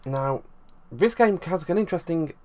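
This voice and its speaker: A man's voice: fairly high pitch, expressive, moderate pace, mellow. Casual man explaining a board game. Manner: loose, rambling explanation with frequent restarts.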